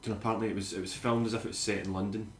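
A man's voice: on the low side, flat delivery, very fast, a little hiss or hum. A man retelling film production stories during a casual movie commentary, trailing off mid-sentence. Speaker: commentary co-host. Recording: roomy echo.

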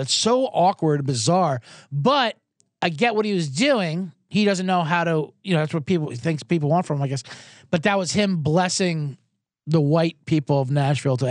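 Hosting a sports betting show, a man talks in a loose, rambling, profane way and reads out viewer comments as he goes. His voice is a little high with lively intonation, at a moderate pace. The sound is clean studio audio without echo.

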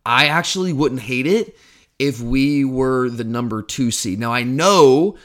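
A man's voice: mid-range voice, lively intonation, unhurried, fairly bright tone. A man co-hosting a sports podcast, talking casually in a rambling, opinionated way about college football. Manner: rambling, opinionated, self-deprecating. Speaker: podcast co-host.

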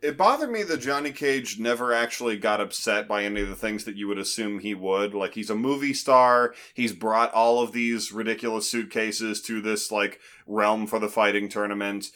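A man in casual movie-review chat, talking in halting restarts with dry humor. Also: lowish voice, pushed and bright. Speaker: podcast co-host.

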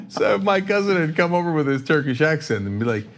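A man's voice: fairly high pitch, slightly rough. A man hosting a show, telling comic stories in casual chat, laughing often and acting out the people he quotes. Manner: animated storyteller, laughs often, acts out quotes. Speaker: show host.

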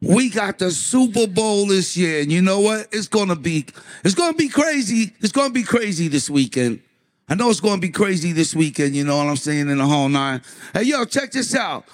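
A man hyping up a live crowd with shouted call-and-response and a slang-heavy, energetic delivery. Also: sits high, moderate pace. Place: large live event hall with audience.

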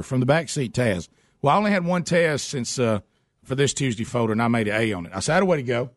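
A man telling a long, animated story in casual chat as a host, acting out the voices of the people in it. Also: mid-range voice, quick pace, no room sound, studio quality. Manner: animated, acts out voices in his stories. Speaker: show host and youth football coach.

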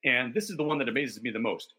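A man's voice: medium pitch, animated, quick pace, bright, forceful tone, slightly rough, soft background music. A man co-hosting a casual sports podcast, telling stories in detail and backing them with statistics. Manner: detailed, enthusiastic storytelling with stats. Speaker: podcast co-host.

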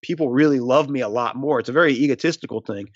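A man's voice: mid-range voice, quick pace, no echo, highs cut off. A man, a former team staffer, talking as a guest in a casual interview, rambling with fillers. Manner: rambling, many fillers and restarts.

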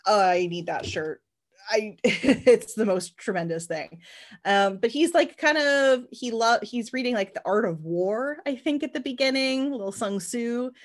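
A woman co-hosting a podcast, chatting casually about a film and retelling scenes in an animated way. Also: fairly high pitch, a little slow. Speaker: podcast co-host. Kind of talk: casual movie discussion.

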